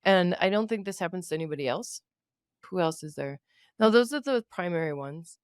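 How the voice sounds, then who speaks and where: On a podcast, a thirtysomething woman co-hosting casual chat laughs often and performs her coworkers' lines in comic voices. She speaks briskly in a low, clear, resonant voice with lively intonation, recorded in echo-free studio quality.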